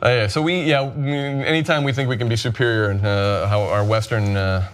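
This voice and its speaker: A man's voice: medium pitch, steady tone, brisk. A man hosting a casual panel chat show, rambling with frequent restarts and asides. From United States. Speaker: host.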